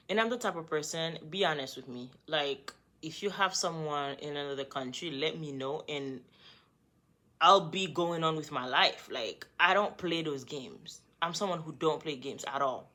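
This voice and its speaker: Low voiced woman vlogger, bright sharp tone, chatty storytime, talks to the viewer. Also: moderate pace. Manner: animated, conversational, talks straight to the viewer. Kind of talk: storytime vlog.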